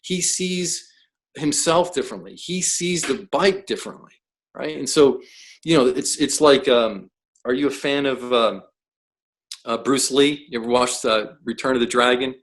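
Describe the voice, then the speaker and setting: A man's voice: mid-range voice, normal speed, poor audio. A man who is a professional coach, talking as a podcast guest in an emphatic, blunt way, full of rhetorical questions. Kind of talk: podcast interview.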